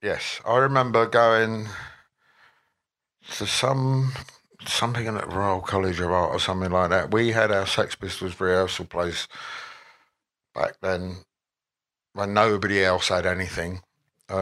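A man, an interview guest telling rambling, animated anecdotes full of quoted voices. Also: deep voice. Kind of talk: anecdotal storytelling.

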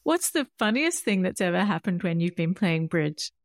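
A woman's voice: on the low side, very animated, normal speed, dry recording, studio quality. A woman hosting an interview, asking brief, curious questions in a casual tone. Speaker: podcast interviewer.

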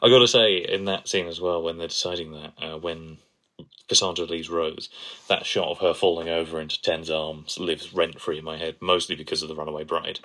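A man's voice: deep voice, steady tone, fairly quick, bright, forceful tone. A man co-hosting a fan podcast, chatting enthusiastically about favourite moments. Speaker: podcast co-host. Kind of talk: casual fan chat.

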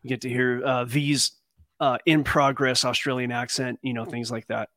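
A man hosting a trading show, talking in a relaxed, rambling way with many fillers. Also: mid-range voice, moderate pace, dry recording, studio quality. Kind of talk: casual chat.

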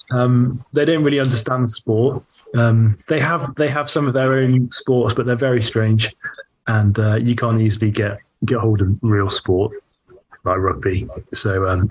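A man co-hosting a podcast over a video call, talking in a wry, joking way. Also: medium pitch. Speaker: podcast co-host. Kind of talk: casual podcast chat.

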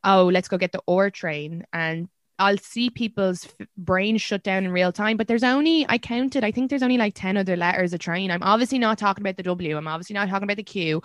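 A young woman with an Irish accent, a comedian hosting a casual chat and acting out quotes in a higher voice. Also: quick pace, hardly any pauses, no room sound, clean studio sound. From Ireland. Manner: animated, acts out quotes in a high voice. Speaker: comedian and podcast host.

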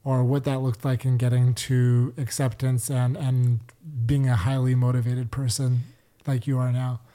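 This podcast host is a man with a mellow, mid-range voice that moves little in pitch and keeps a moderate pace. During the interview, he asks long, rambling questions packed with fillers.

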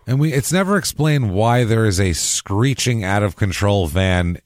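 A sarcastic man in his forties trades quips in a casual chat. His voice sits low but swings widely in pitch, and the sound is dry and close. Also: lively intonation, moderate pace, no room sound. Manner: wry, sarcastic, swears. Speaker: podcast co-host.

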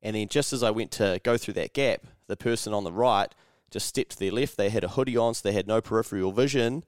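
A man's voice: lowish voice, fast, clear, resonant tone, no room sound, clean studio sound. Sweary New Zealand man telling a story. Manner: swears freely, acts out others in animated voices. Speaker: podcast co-host. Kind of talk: casual chat.

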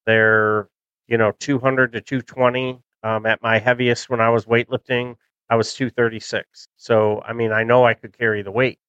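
Rambling middle-aged podcast host, smooth voice. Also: male voice, medium pitch, flat delivery, moderate pace, fairly bright tone, no room sound, dull audio. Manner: rambling, nostalgic, with frequent fillers. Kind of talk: casual chat.

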